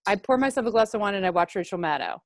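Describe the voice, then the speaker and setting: A woman's voice: medium pitch, lively intonation, rapid-fire. A woman comedian co-hosting a casual chat, trading dry, playful banter over a video call. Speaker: comedian co-host.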